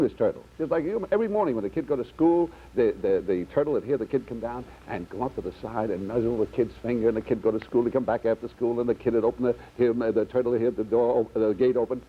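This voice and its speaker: A man's voice: mid-range voice, husky. A man telling a long joke at a comedy round table, rambling and restarting, on a dull old TV recording. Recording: dull old TV audio with faint noise.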